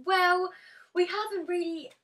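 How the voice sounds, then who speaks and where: A high-pitched woman chats as a podcast guest from a home office, playful and quick to giggle. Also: steady tone, fairly bright tone. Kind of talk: casual chat.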